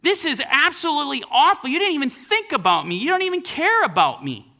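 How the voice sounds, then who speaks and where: A woman's voice: sits high, very animated, fairly quick, pushed and bright, pitched above the performer's own voice, full character voice. A man voicing an indignant young daughter. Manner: indignant, accusing. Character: angry young daughter berating her father.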